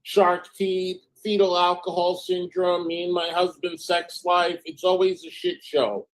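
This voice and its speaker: A man mimicking a complaining woman in a high, mocking falsetto while reading her messages aloud. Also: monotone, a little slow, rough recording. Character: shrill mocked woman complaining online.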